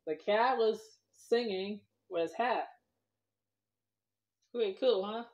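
A woman's voice: mid-range voice, slow pace, darkish tone. A woman vlogger telling a children's story, rambling loosely and talking to the kids as boys and girls. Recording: dull lo-fi recording.

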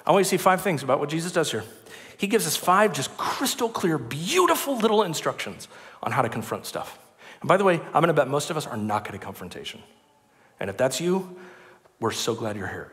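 A man preaching a sermon in a church, joking and chatty as he explains scripture. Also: medium pitch. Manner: lively, joking, conversational preaching. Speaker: pastor. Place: church sanctuary. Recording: long reverb of a large church hall.

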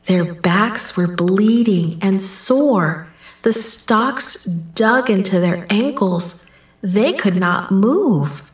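Slow, gentle children's storyteller woman. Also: mid-range voice. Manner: slow, clear storytelling for kids. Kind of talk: reading a children's Bible story. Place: church. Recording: roomy, distant microphone.

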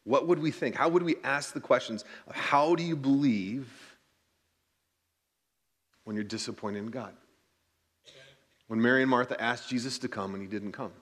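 A pastor reading scripture aloud in church and reflecting on it in an earnest sermon, slowing down to stress key points. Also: male voice, mid-range voice, fairly bright tone, slightly rough. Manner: earnest, reads scripture then reflects, slows for emphasis.

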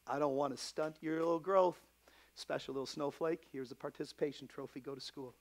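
A man doing a hushed, coddling permissive parent. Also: a little high, steady tone, fairly quick, lightly acted. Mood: mocking coddling. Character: soft-spoken overly permissive parent, coddling and naive.

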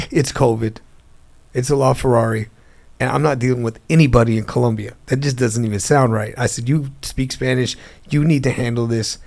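A man's voice: medium pitch, vocal fry, a little mellow. A man, a guest in a casual interview, telling a long story and acting out the phone calls in it. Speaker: interview guest, car dealer.

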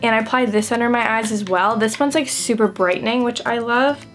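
Chatty young woman with a slightly high voice. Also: a little fast, a bit bright, faint music behind. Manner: chatty, self-deprecating, heavy use of "like". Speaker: beauty vlogger. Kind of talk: casual makeup tutorial chat.

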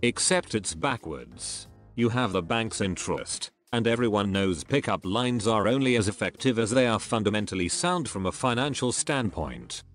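A man narrating posts in a scripted reading, doing lower voices for the quoted lines. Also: expressive, moderate pace, hardly any pauses, soft background music.

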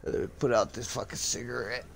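A man's voice: mid-range voice, fairly even intonation, fairly quick, vocal fry, a bit bright, a little hiss or hum. A young man live-streaming a horror game, swearing constantly and screaming when startled. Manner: profane, jumpy, screams in fright.

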